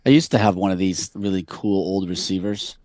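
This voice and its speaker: A man's voice: sits low, steady tone, brisk, a little mellow, no room sound. Rambling podcast co-host man, dry mic. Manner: rambling, full of restarts and fillers. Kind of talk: casual chat.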